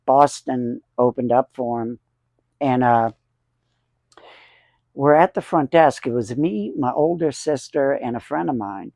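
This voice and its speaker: A man's voice: medium pitch, unhurried, pauses often, darkish tone, dry recording. A man in his sixties telling rambling, chuckling anecdotes as the host of a casual collector vlog.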